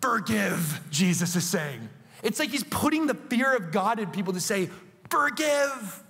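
A man preaching a sermon as a TV show host, telling the story in an animated, playful way with asides. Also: high-pitched, moderate pace, big-room sound.

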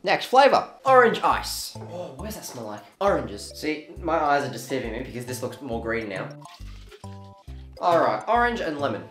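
Excitable swearing guy, lively voice. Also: mid-range voice, moderate pace. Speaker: YouTuber. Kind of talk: casual taste-test vlog. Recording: echoey room with faint music.

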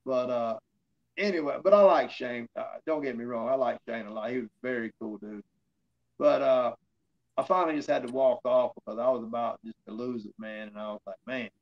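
A man's voice: medium pitch, brisk, dull audio. A man, a former wrestler telling long rambling stories in an interview, acting out what people said to him. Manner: rambling anecdotes with fillers, acting out quoted dialogue. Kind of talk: casual storytelling in an interview.

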